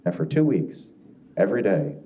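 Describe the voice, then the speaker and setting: A man doing a stand-up comedy set on a club stage, telling stories with animated delivery and acting out the voices of the people in them. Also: lowish voice, normal speed, slight background noise. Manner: animated storytelling, acts out quoted voices. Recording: roomy club sound with crowd laughter.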